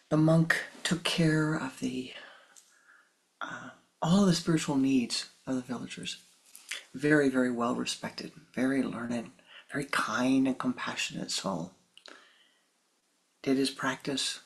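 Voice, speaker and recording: A spiritual teacher giving a sermon and telling a story slowly and softly, at times in a whisper. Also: mid-range voice, fairly even intonation, gravelly, low-quality recording. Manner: slow, soft, partly whispered.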